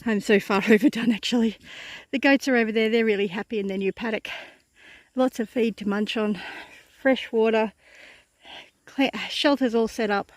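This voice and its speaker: A woman's voice: fairly high pitch, fairly even intonation, normal speed, no room sound. A woman vlogging outdoors on her farm, chatty and rambling, tired and a bit out of breath. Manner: chatty, rambling with fillers and self-corrections. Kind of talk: casual outdoor vlog.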